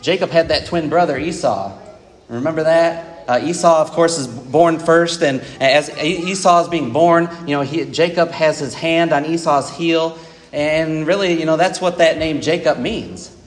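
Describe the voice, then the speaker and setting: A man delivers a sermon in a relaxed, conversational way, scattering fillers and asides to his congregation. His voice sits a bit high for a man. It carries a long reverb from the church auditorium. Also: moderate pace. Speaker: preacher.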